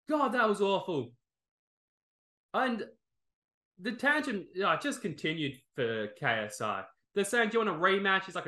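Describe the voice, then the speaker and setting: A man's voice: high voice, pushed and bright, roomy sound. A man hosting a sports review, ranting in anger and exasperation and swearing, tagging his lines with "okay?" and "man".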